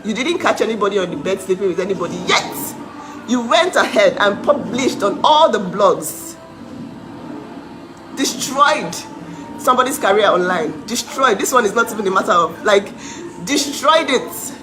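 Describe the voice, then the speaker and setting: A woman's voice: mid-range voice, expressive, moderate pace, over music, poor audio. A young woman from Nigeria ranting to her followers, indignant and mocking, breaking into disbelieving laughs. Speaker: vlogger. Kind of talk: heated live rant to followers.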